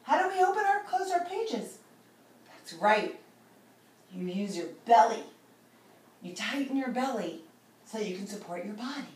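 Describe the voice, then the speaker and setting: A woman's voice: fairly high pitch, sing-song, unhurried, long pauses, a little mellow. A woman leading a children's yoga class in a playful, encouraging, sing-song way. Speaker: kids yoga teacher. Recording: roomy, from a distance, faint ambience.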